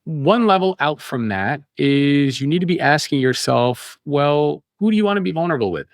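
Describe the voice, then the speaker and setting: Animated man explaining leadership ideas. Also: on the high side, normal speed, no room sound, clean studio sound. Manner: animated, acts out quoted voices. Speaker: author and podcast guest. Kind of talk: explanatory interview talk.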